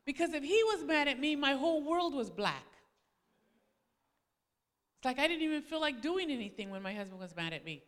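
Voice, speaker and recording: A high, bright woman's voice delivers a sermon-style testimony, telling her story with animated swings, dropping low and quiet, then leaping up as she acts out quoted arguments. The sound carries a long hall reverb. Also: a little fast, pauses often. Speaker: preacher's wife speaking to a congregation.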